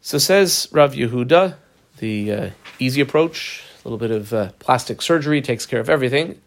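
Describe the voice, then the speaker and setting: A man giving a casual Talmud lesson, acting out the characters in quick quoted voices. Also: medium pitch, animated. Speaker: Talmud teacher.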